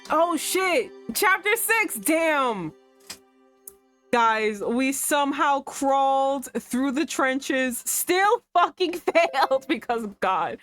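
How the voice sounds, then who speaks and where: A woman streaming a visual novel late at night, tired, giggling and swearing casually, with lots of "like" and "um" fillers. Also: fairly high pitch. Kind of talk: casual live-stream commentary while playing a visual novel.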